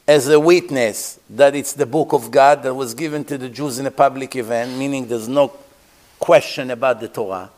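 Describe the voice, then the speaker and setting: A man teaching a religious lesson, telling stories in an animated way with simple, plain phrasing. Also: a little high. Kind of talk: sermon-style teaching.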